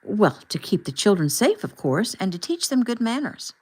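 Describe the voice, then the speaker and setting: A woman's voice: medium pitch, sing-song, moderate pace, a little mellow, breathy edge, no room sound, pitched above the performer's own voice. Woman voicing a prissy chaperone, self-important, flustered, defensive, audiobook.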